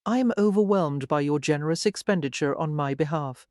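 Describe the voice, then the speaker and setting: A narrator voicing a spirited, proud young lady from a Regency romance audiobook, with sharp, cold retorts set higher than the narration. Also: sing-song, normal speed, dry recording, clean studio sound, natural voice. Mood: indignant. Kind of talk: audiobook dialogue.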